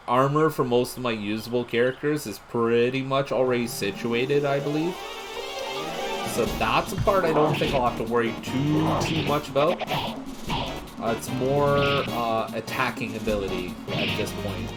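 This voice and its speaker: A man's voice: medium pitch, unhurried. A man casually thinking aloud while commenting on a game he is playing. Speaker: let's play host. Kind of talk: gameplay commentary. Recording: game music playing under the voice.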